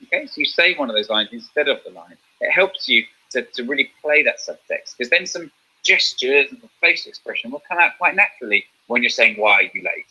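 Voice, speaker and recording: A man's voice: medium pitch, animated, brisk, bright, forceful tone, slightly rough, poor audio. A man teaching a drama revision lesson, explaining step by step and checking in with "okay?".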